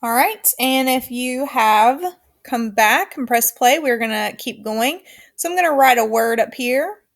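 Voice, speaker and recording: Woman teacher doing a phonics video for little kids, slow and clear, lots of "good job", a bit high-pitched. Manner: slow, clear, encouraging classroom instruction with counted call-and-response. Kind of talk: recorded phonics lesson for young children.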